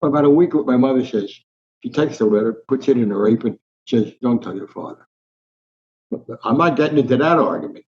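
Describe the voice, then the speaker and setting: A man's voice: mid-range voice, quick pace, dull audio. A man, telling family stories as an interview guest and acting out the voices. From Newark, New Jersey. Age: 90s. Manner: animated anecdotal storyteller, acts out voices. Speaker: guest, sports columnist. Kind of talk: storytelling in an interview.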